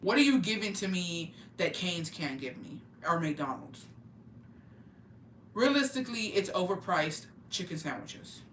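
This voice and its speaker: A young adult tells animated stories in casual podcast chat, swearing freely and mixing in slang and Spanish words. The voice is bright and sharp. It sounds roomy and set back from the mic, with faint ambience behind. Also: medium pitch, a little slow, far from the mic, slight background noise. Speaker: podcast co-host.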